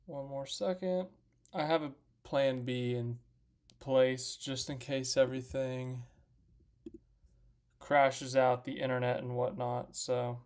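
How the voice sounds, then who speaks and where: Brief: young male stream host, mid-pitched voice, loose and jokey, talks to his chat. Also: expressive, measured pace. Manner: chatty and joking, greets viewers in chat by name. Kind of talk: casual motorsport recap chat.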